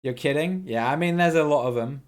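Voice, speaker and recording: A man with a slightly high voice hosts a relaxed live stream, talking straight to his chat. He is upbeat and quick to laugh. He swears casually as he thinks out loud about his guesses. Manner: chatty, reads out viewer names, swears casually. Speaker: streamer playing a geography guessing game with chat.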